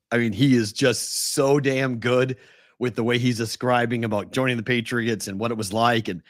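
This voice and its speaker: Male podcast co-host, mid pitch, dry close mic, excited restarts. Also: no echo. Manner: animated storytelling with many restarts and laughs. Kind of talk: casual sports chat. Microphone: remote video call.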